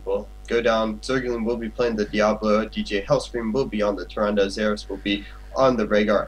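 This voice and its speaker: A man casting a live esports match, giving steady play-by-play narration. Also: on the low side, slightly rough, poor audio. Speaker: esports caster. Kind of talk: live game commentary.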